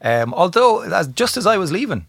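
A man's voice: sits high, sing-song, moderate pace, vocal fry, a bit bright, husky, dry recording. A man with an Irish accent hosting a radio show, bantering casually in a dry, teasing way in the studio. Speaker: radio host. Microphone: studio microphone.

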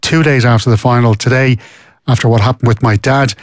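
An Irish man co-hosting a podcast, telling stories in a chatty way and reading sports news in a steady run. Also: mid-range voice, a little fast, dry recording, clean studio sound. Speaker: podcast co-host.

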